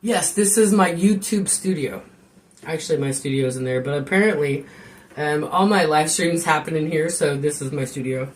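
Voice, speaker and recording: Speaking at a normal speed in a low voice, a woman hosts a rambling live stream from her home kitchen. She jokes around with viewers and swears freely.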